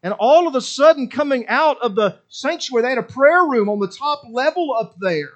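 A man preaches in an unusually high, ringing voice. He drives his points home with emphatic repetition. He jumps from near-shouted exclamations down to low, quiet asides. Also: lively intonation, moderate pace, highs cut off. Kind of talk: sermon.

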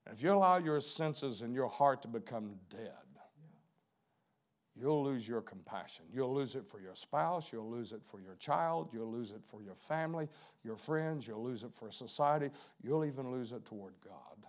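A middle-aged man preaching a sermon, dropping to hushed low emphasis and then rising to loud, emphatic preaching. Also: expressive, normal speed.

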